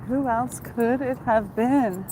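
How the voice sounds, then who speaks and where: A woman's voice: on the high side, slow pace, background noise. A woman talking casually while walking her dog outdoors at night, chatty and swearing now and then, recorded on a phone. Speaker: vlogger and former TV costumer. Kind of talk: casual chat while walking dog, reading viewer questions. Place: outdoors on a town street at night.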